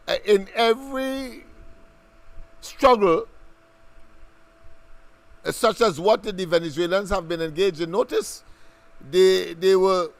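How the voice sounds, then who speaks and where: A man hosting a talk radio show, giving measured, professorial political commentary. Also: sits high, creaky.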